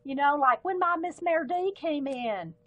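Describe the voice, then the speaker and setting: A Southern woman chats casually through a live art stream, her voice sitting a little high. She rambles from one pen to the next, filling pauses with ums and breaking off mid-sentence to correct herself. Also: animated, fairly bright tone, rough recording. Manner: chatty and rambling, with frequent ums and self-interruptions. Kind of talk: casual livestream chat.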